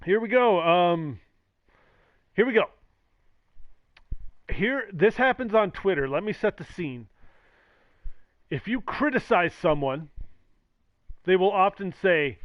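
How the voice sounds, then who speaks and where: A man's voice: high-pitched, expressive, a little slow, long pauses, dry recording. A man streaming, rambling casually with sarcastic jokes and acted-out quotes. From the Valley. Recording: dull lo-fi mic, dry.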